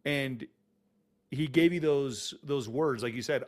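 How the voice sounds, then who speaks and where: A man hosting a podcast interview, talking in a halting way with repeated words. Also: medium pitch. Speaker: podcast host. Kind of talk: casual interview chat.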